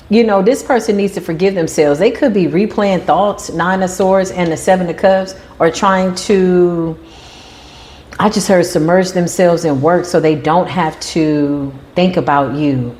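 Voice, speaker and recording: A woman gives a tarot reading in an animated, emphatic way, sometimes acting out the voices of the people she describes. Her pitch is fairly low and her pace measured.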